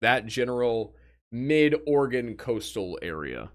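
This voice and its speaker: A young man streaming, chatting casually with his viewers and telling animated stories from a trip. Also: medium pitch, measured pace. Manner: animated storytelling, talks to chat.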